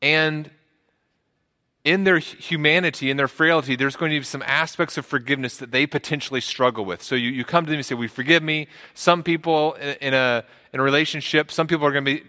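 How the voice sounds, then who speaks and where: A man's voice: bright, forceful tone, long reverb tail. A man preaching a sermon as pastor in a church, earnest, often repeating words as he builds a point. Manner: earnest, repeats words, rises in pitch for emphasis.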